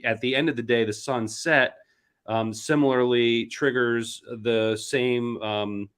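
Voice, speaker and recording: A man hosting an interview, explaining things in a measured way with frequent ums. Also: mid-range voice, fairly bright tone. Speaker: interview host. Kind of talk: conversational interview.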